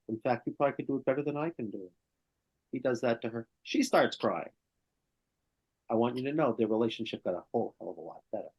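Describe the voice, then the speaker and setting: A man's voice: fairly low pitch, a little mellow, slightly rough. An older male therapist telling a client story in conversation, often checking in with "right?" and "okay?".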